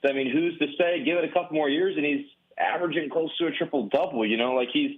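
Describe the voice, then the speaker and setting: Tinny-sounding male sports co-host. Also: on the high side. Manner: measured, explanatory, stats-driven. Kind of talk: sports talk radio analysis. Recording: tinny phone-like line.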